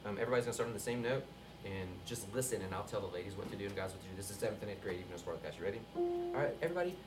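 A man's voice: lowish voice, lively intonation, very fast. A man from North Carolina, a music teacher giving a workshop to other teachers, talking in a chatty, upbeat way with frequent laughs. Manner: chatty and upbeat, laughs often between points.

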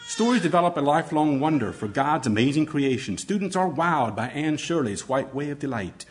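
A man teaching fellow educators how to read stories aloud, with an expressive, demonstrative delivery. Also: fairly high pitch, brisk. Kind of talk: instructional talk on read-aloud storytelling.

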